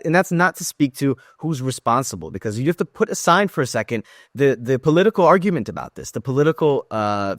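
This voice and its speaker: A man's voice: mid-range voice, dry recording, studio quality. A man speaking as a podcast guest in an earnest, thoughtful way, often restarting his sentences. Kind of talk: conversational interview.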